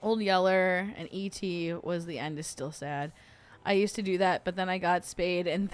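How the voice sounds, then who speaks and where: A woman's voice: lowish voice, moderate pace, clean tone, no echo. A woman hosting a casual livestream chat, rambling with lots of fillers and laughing often as she gets emotional. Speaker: podcast host.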